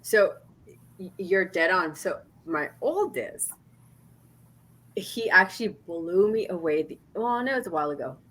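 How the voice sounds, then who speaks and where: A woman in her forties hosts a casual podcast chat in a slightly low voice. She tells stories with animation and drives her points home by repeating them. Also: a little slow, long pauses. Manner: animated storyteller, acts out quoted dialogue. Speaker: podcast host.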